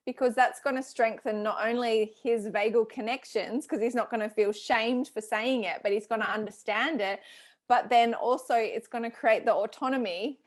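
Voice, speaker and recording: Woman in her 30s on a podcast, explains stuff thoughtfully, lots of "you know"s, mid pitch. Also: steady tone, moderate pace. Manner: thoughtful, explains with many fillers. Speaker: podcast guest, health expert. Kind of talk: casual explanatory chat.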